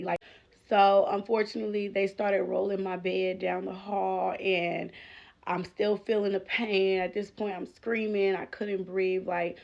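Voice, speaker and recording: A woman tells her own story straight to the camera, earnest and unpolished, her words looping through casual fillers. Her voice carries a gravelly, creaky edge at a middle pitch. The recording sounds dull and lo-fi. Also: flat delivery, brisk. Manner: candid, earnest retelling with frequent "like" fillers. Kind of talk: personal storytelling vlog.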